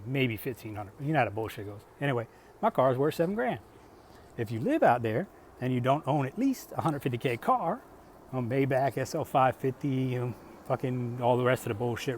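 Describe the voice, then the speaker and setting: A man's voice: mid-range voice, a little mellow, a little hiss or hum. A middle-aged man vlogging, telling stories in a blunt, profane, rambling way and asking rhetorical questions. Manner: conversational, asks rhetorical questions. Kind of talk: casual storytelling monologue.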